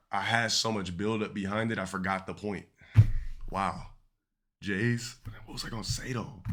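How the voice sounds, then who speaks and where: Male streamer, deep and bright-toned, casual profane monologue that wanders. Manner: rambling, profane, trails off mid-thought. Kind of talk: casual rant to chat.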